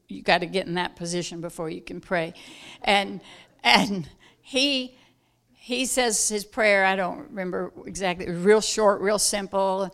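A woman from South Georgia, telling a personal story in casual talk, animated and acting out the voices of the people in it. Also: medium pitch. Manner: animated, acts out quoted voices loudly, laughs while telling. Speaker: guest telling a testimony.

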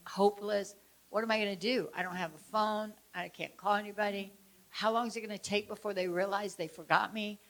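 Expressive woman telling a personal story. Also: medium pitch. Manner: expressive storyteller, shifting between loud and hushed. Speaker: speaker teaching about traumatic memory. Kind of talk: personal story within a lecture.

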